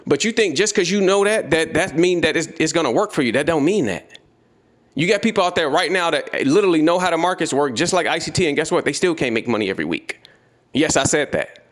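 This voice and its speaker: A man's voice: a little high, lively intonation, fast talker. A man giving a blunt, profane motivational rant as a trading educator, repeating his points and confronting the listener directly.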